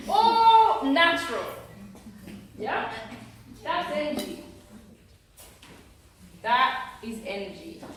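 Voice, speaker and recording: A woman running a live seminar, guiding a group through breathing and affirmations, with a soft voice that swells to cheering. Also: high-pitched, a little hiss or hum. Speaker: seminar leader. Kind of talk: leading a group exercise. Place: large room with a live group. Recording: very echoey room, from far off.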